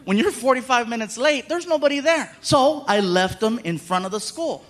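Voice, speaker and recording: High-voiced animated comic storyteller. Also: male voice, normal speed. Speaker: stand-up comedian. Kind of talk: stand-up comedy set. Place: comedy stage.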